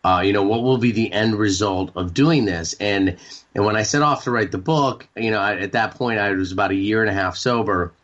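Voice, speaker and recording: A man in his forties from Maine, a radio show guest talking candidly, halting and repeating words with many fillers. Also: fairly low pitch, fairly bright tone, highs cut off. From Maine, United States. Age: 40s. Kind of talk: candid interview talk.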